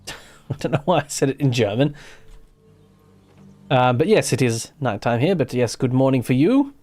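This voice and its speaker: A man's voice: mid-range voice, lively intonation, measured pace, a little mellow, faint music behind. Australian man streaming a game. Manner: rambling, self-correcting, swears casually. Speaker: gaming streamer. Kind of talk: casual live gameplay commentary.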